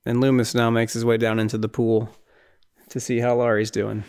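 Man, podcast host, casual movie recap, rambling, incredulous, smooth clear voice, mid pitch. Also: monotone, normal speed, a little mellow. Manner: rambling, incredulous, laughing at the film.

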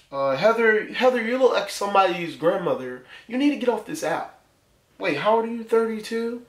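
A young man giving loose, crude, teasing commentary as he reacts on his own channel. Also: high-pitched. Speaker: YouTuber. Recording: echoey room.

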